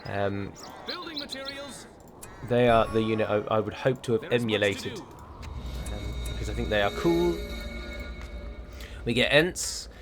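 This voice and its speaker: A man's voice: lowish voice, slow pace, pauses often, over music. Chatty English man commenting on a game. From England. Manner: chatty, rambling asides. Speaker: gaming YouTuber. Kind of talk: let's play commentary.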